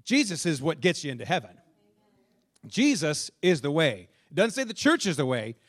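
A man's voice: fairly high pitch, sing-song, moderate pace. A male pastor from the northern United States preaching a sermon in church, telling stories and asking the congregation questions.

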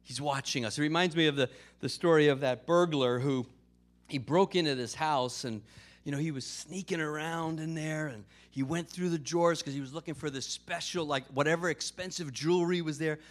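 A man's voice: fairly high pitch, brisk. A man preaching a sermon as pastor, in a conversational way with casual fillers and joke-telling.

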